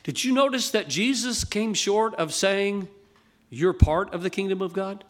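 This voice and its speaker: A man preaching a sermon in a folksy, emphatic way, often asking his listeners questions and reading scripture slowly. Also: high-pitched. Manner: reads scripture slowly in King James wording.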